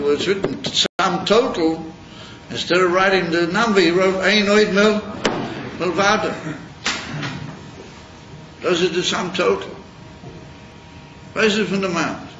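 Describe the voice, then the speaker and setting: A man teaching Chassidus in an informal Torah lecture, halting and searching for words as he tells a story. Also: fairly high pitch. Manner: halting, searching for words, mixing Yiddish and Hebrew terms. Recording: roomy, dull, noisy recording.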